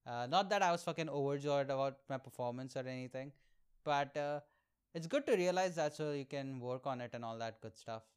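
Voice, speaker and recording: A fairly quick, clean-toned voice of medium pitch belongs to a young Indian man in his 20s. On his solo podcast, this would-be comedian tells openly profane stories that poke fun at himself.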